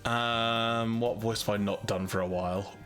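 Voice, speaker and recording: A man's voice: lowish voice, steady tone, moderate pace, music in the background. A man hosting a game stream, chatting in a giggly, self-mocking way. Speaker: let's play host. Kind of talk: casual gaming chat.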